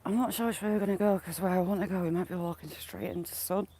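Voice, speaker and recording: A woman's voice: lowish voice, steady tone, fast talker, dark tone, slight background noise. A woman with a mixed English accent hosting a casual walk-and-talk livestream outdoors in the countryside. She greets her viewers by name as she chats. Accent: English, mixed regional. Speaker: livestream host.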